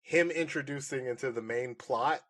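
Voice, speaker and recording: A man co-hosting a podcast, chatting casually through a movie review in a rambling, animated way and laughing often. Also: medium pitch, normal speed. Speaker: podcast co-host.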